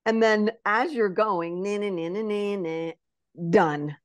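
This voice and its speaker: A woman spirit messenger telling a past-life reading as an animated story, acting out quotes and often asking if the listener follows. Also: medium pitch, slow, no room sound. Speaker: spirit messenger, podcast guest.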